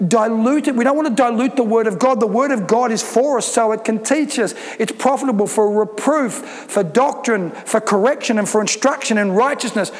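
A man's voice: very high voice, in a large hall. A male pastor preaching a sermon, emphatic and repeating phrases for stress.

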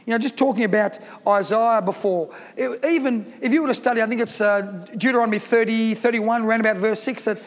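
High-voiced man preaching in a reverberant hall. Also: a little fast, few pauses. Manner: emphatic preaching, reads scripture aloud. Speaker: pastor. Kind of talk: sermon.

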